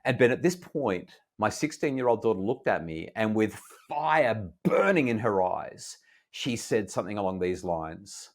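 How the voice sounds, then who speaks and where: A middle-aged Australian man, a parenting expert, calmly and earnestly telling a family story in an interview. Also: lowish voice. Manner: calm, earnest, measured retelling.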